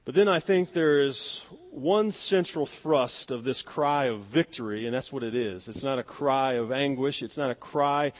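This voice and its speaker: A man preaching a sermon with emphatic delivery, dropping to near-whispers and rising to stressed loud words, asking the congregation to repeat phrases after him. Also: medium pitch, moderate pace, few pauses. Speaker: pastor. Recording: dull lo-fi sound.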